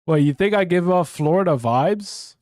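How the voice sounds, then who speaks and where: A man's voice: high voice, animated, normal speed, darkish tone, no echo. A man streaming and chatting casually with viewers, swearing freely and rambling off the cuff. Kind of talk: casual live-stream chat.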